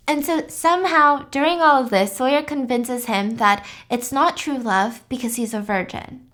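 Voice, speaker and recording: Chatty, animated woman host. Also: high-pitched, moderate pace. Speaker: podcast host. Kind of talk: casual storytelling.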